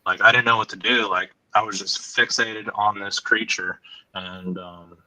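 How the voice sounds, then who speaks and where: A man telling a woodland encounter story on a podcast, halting and full of fillers, sometimes choked up and dropping quiet. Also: lowish voice, fairly even intonation, no room sound, rough recording. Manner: halting, frequent "like" fillers, drops to quiet asides.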